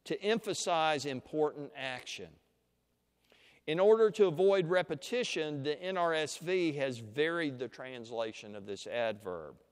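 Guy giving a sermon, slow and deliberate, voice rises and falls a lot, big reverb hall sound. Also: fairly high pitch, clear, resonant tone. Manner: slow, deliberate teaching voice with dramatic pauses. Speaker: preacher. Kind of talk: sermon with guided imagination exercise.

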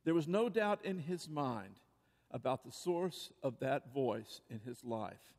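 A man's voice: medium pitch, expressive, slow pace, a little mellow, big-room sound. A male pastor preaching a sermon in an earnest, rhetorical way, full of repeated questions.

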